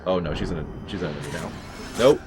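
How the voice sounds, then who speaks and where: A man's voice: deep voice, steady tone, very fast, noisy background. A man giving let's play commentary on a horror game, wry and talking back to the enemies as he plays. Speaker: gameplay commentator. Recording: game music playing behind. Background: game music.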